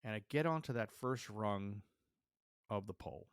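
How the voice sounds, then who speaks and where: A man hosting a podcast, telling a personal story in a lively way and acting out the dialogue he remembers. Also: fairly low pitch, normal speed, clean tone, no room sound, clean studio sound. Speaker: podcast host.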